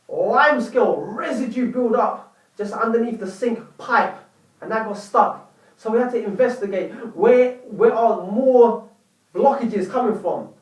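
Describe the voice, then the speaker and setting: Man, young adult, vlogger, dramatic storytelling, roomy echo, distant mic. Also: extremely high pitch. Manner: animated, dramatic retelling with repeated "lo and behold". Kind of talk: casual storytelling to camera.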